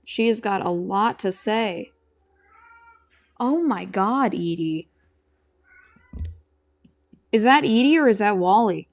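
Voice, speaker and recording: Give me a young woman live-streaming from home, talking in a relaxed, meandering way while she draws and reads her chat aloud. Her voice sits at a middling pitch with a noticeable gravelly fry running through it. She sounds like an animator chatting casually with viewers. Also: slow pace, pauses often. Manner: chatty, rambling, answers chat while drawing.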